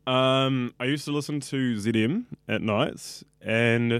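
A young New Zealand man in his early twenties talks in a loose, rambling way, piling up fillers as he answers interview questions. His voice sits at an ordinary pitch, and the recording is dry and close. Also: slow, fairly bright tone, clean tone, dry recording. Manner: chatty, rambling, says like a lot. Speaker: radio student. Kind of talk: casual interview.

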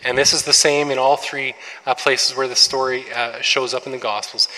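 A male pastor preaching a sermon, animated, full of rhetorical questions and quick restarts. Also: medium pitch. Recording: long reverb of a large hall.

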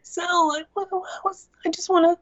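A woman's voice: very high voice, level tone, moderate pace, fairly bright tone, highs cut off, voice pushed up. A woman putting on a whiny, pleading young man's baby voice in a podcast recap chat.

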